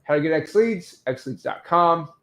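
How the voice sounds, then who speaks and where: A man co-hosting a casual business show, telling lively stories and answering viewer questions. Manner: animated storyteller, quick shifts in pitch.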